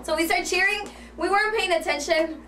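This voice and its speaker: A woman co-hosting a radio show, telling a story in an animated way. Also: extremely high pitch, a little fast, roomy sound, distant mic, a little hiss or hum. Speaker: radio co-host. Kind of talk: casual radio banter.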